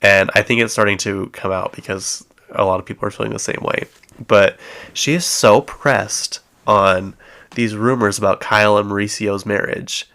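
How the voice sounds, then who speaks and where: A man's voice: on the low side, fairly even intonation, normal speed, gravelly, a bit bright. A man hosting a podcast, chatting casually through a gossip recap with plenty of fillers and acted-out quotes. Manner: chatty, acts out quoted lines, frequent fillers. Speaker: podcast host.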